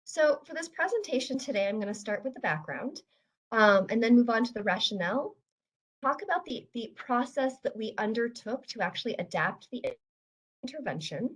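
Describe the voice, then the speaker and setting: A woman's voice: a little high, expressive, normal speed, slightly rough, low-quality recording. A woman presenting research in a webinar in a friendly, casual way, with frequent "um" and "you know".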